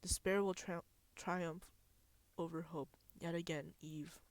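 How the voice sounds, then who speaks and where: A streamer voicing a taunting game villain who gloats over despair, reading quietly in a low, mocking tone. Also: fairly even intonation, takes it slowly, no room sound.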